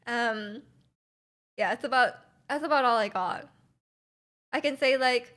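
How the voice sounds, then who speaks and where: A woman's voice: a little high, measured pace, long pauses, fairly bright tone. A woman streamer chatting casually with her livestream chat, giggling often and reacting to messages.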